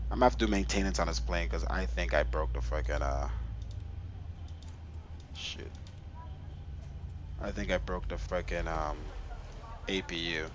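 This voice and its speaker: Excitable streamer man muttering along. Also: deep voice, normal speed, long pauses, noisy background. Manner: excitable, mutters to himself while clicking through menus; chats to viewers. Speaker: flight sim streamer. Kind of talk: casual live-stream commentary.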